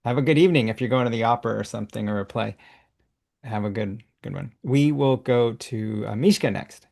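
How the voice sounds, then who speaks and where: A man's voice: medium pitch, fairly quick, creaky, darkish tone. A man hosting an online comics workshop over a video call, speaking casually. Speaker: workshop host.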